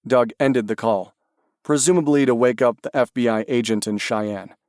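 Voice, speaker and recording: A man reading an audiobook in an even, measured manner. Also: mid-range voice, no echo, studio quality. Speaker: audiobook narrator. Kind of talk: scripted audiobook narration.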